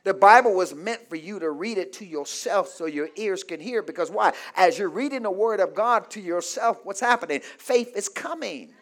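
Male preacher with a very high voice, call-and-response sermon, swings between shouting and murmuring. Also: animated, moderate pace, hardly any pauses. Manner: call-and-response, asks the congregation to fill in words.

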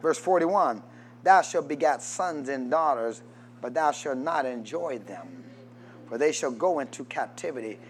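A man preaching a sermon, reading scripture and rising into shouted call-and-response with the congregation. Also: mid-range voice, animated, measured pace, slight background noise.

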